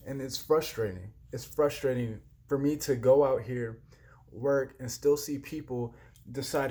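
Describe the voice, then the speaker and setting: A man's voice: mid-range voice, measured pace, darkish tone, a little hiss or hum. A young man giving a frustrated personal rant in a vlog, heated and repetitive, swearing freely. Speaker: vlogger.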